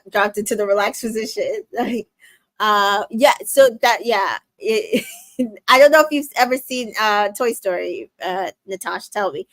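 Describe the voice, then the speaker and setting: A young adult woman with a mid-range, slightly bright voice, recorded without echo, recaps a reality show casually. She retells scenes with quoted lines, plenty of fillers, and little laughs.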